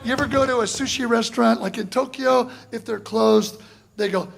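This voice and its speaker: A man teaching a drum masterclass, telling a long story in an animated way and acting out other people's voices with shouts. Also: very high-pitched, normal speed, vocal fry, faint music behind. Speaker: drum clinician. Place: college classroom before an audience.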